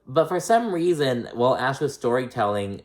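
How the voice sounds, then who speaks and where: Speaking a little fast, a man with a mid-range, slightly mellow voice and lively intonation recaps a reality show. His commentary is loose and chatty, laced with swearing and plenty of "like"s and "um"s, and he acts out quoted lines in changing voices.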